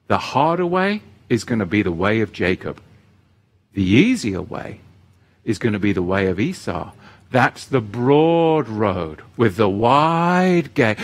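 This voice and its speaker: A man preaching a sermon, emphatic and repetitive, swinging between loud exhortation and quieter asides. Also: on the low side, big pitch swings, unhurried.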